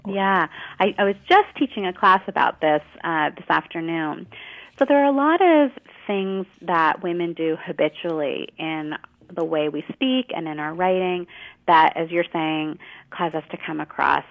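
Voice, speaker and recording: A woman guest expert explaining clearly in a teacherly way and giving examples, heard over a phone line. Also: lowish voice, animated, moderate pace. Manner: articulate, teacherly, gives examples. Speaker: guest expert on women's communication. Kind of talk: explanatory interview answers.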